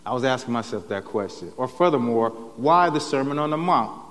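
A man's voice: medium pitch, animated, a little fast. Preacher man in a reverberant church hall. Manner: conversational preaching with frequent "right?" tags. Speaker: pastor. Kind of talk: sermon. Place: church sanctuary.

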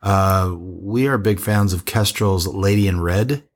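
A man's voice: low-pitched, measured pace. A man co-hosting a wine podcast, chatting casually and rambling with frequent restarts. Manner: rambling, self-interrupting. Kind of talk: casual chat.

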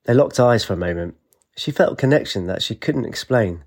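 A man, narrating an audiobook with steady storytelling. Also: mid-range voice, brisk.

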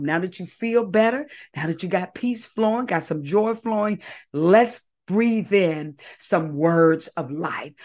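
A woman hosting an inspirational faith talk, coaxing listeners to repeat affirmations after her in call-and-response. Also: medium pitch. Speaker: podcast host.

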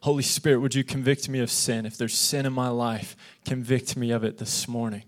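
A man's voice: medium pitch, brisk. Earnest man preaching a sermon. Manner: earnest, animated preaching that acts out quoted voices. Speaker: youth pastor. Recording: podcast of a live church sermon.

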